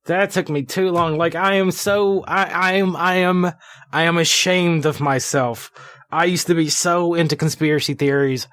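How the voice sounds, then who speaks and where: A man co-hosting a podcast in casual chat, excitable and rambling, often restarting his sentences. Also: on the high side, moderate pace. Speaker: podcast co-host.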